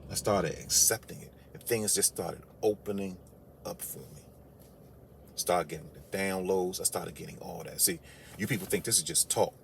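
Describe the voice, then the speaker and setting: A man delivering an animated storytelling monologue, emphatic and incredulous, his voice climbing when he gets worked up. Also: deep voice, normal speed, gravelly, slight background noise. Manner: emphatic, incredulous, rises sharply when outraged.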